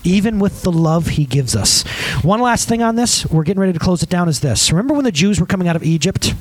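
A man's voice: high-pitched, expressive, fast talker, poor audio. A man in his thirties preaching a conversational sermon, laughing at his own asides.

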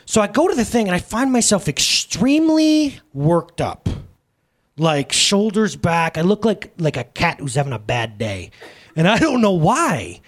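Lively, high-voiced joking pastor man. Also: measured pace. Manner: animated, jokey storytelling with asides to the congregation. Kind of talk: casual humorous sermon. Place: church service.

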